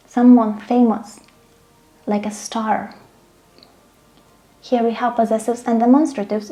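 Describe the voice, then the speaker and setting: A woman's voice: fairly high pitch, mellow. A woman giving a grammar lesson, speaking patiently and often checking in with "okay?" and "right?". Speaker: English teacher.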